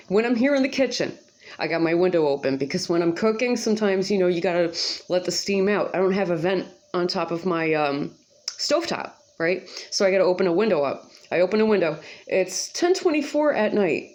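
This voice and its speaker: A woman's voice: lowish voice, animated, brisk, a little mellow. Chatty, slangy woman vlogging at home. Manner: chatty, slangy and profane, with lots of asides. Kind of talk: casual rambling vlog monologue. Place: home kitchen.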